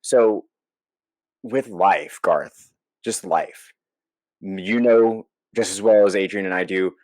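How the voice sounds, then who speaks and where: A man's voice: sits low, slow, darkish tone, dry recording. A man hosting a podcast, asking rambling, self-correcting questions in casual chat. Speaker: podcast host.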